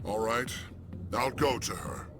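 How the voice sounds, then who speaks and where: An actor playing a weary, disgraced alien general who sounds gruff and bitter and swings between self-pity and wry humor. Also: male voice, medium pitch, steady tone, measured pace, background noise, close to an everyday voice.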